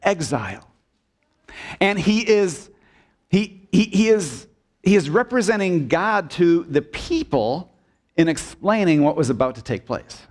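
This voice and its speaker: A man preaching a sermon in a church sanctuary, his fairly high voice swinging widely as he stresses his points. He speaks slowly and deliberately, stopping to put questions to the congregation and inviting them to answer aloud. At key moments he drops to a low, quiet delivery. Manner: asks the congregation questions and prompts call-and-response; expressive preaching, dips low and soft for emphasis. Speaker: pastor.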